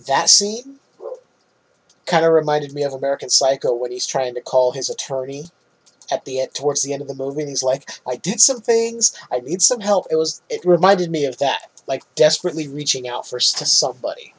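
A man casually recapping a movie on a podcast, animated, laughing often and swearing freely. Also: mid-range voice, brisk, breathy edge. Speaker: podcast co-host.

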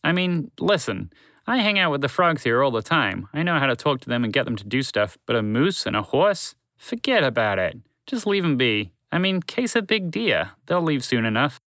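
A man's voice: medium pitch, very animated, normal speed, fairly bright tone, dry recording. A man voicing an easygoing male zoo worker, chatting offhandedly. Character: laid-back male zoo worker, easygoing New Yorker.

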